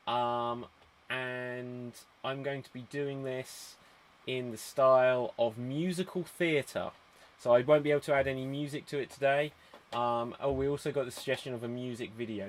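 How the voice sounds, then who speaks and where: A man hosting an online improv show over a video call, brisk and chatty, laughing often. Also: mid-range voice, slight background noise.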